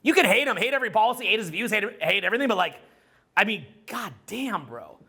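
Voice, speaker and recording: A middle-aged man giving a casual, profane, rambling talk to a live audience as a social skills coach, loud and excitable. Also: high-pitched, fast, slightly rough.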